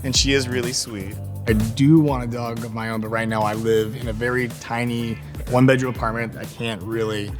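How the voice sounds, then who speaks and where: Male contestant, chatty explanation, clear background music. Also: medium pitch, level tone, fairly quick. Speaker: game show contestant.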